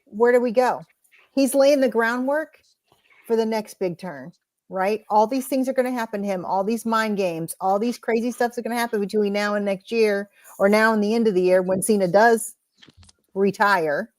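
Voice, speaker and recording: Podcast co-host, woman, animated casual chat with playful acted quotes. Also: mid-range voice, moderate pace, dry recording. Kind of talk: casual chat reacting to wrestling.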